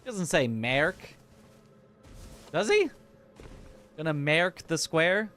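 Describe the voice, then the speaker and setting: Lively young male game streamer. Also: fairly high pitch, very slow. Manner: chatty, laughs often, muses on pronunciations aloud. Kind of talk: casual livestream chat while gaming.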